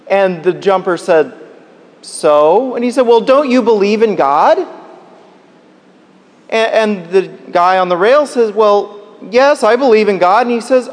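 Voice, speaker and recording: A male pastor preaching a sermon in a church, telling a joke with quoted voices before moving into measured teaching. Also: sits high. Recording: long reverb in a church.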